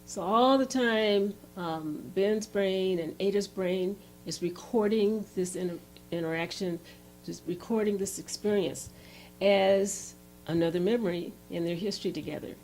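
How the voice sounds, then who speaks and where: A woman presenting a relationship workshop who tells an example story in a lively, animated way. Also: mid-range voice, a little slow, a little hiss or hum. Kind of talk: storytelling lecture.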